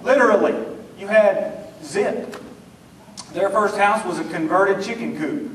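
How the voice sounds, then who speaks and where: Man, Southern US accent, very high voice, folksy drawling humor, echoey hall, distant mic. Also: unhurried, fairly bright tone, a little hiss or hum. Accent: Southern US rural. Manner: folksy storytelling, drawling jokes. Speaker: speaker. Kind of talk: humorous speech to an audience. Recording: echoey room, mic from far off.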